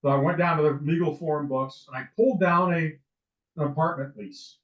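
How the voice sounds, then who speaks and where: A man's voice: fairly high pitch, brisk. A man in his sixties, a lawyer and interview guest, telling stories in a rambling way with many restarts and fillers. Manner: rambling, with frequent restarts and ums. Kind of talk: casual interview storytelling. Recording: distant, roomy, dull sound.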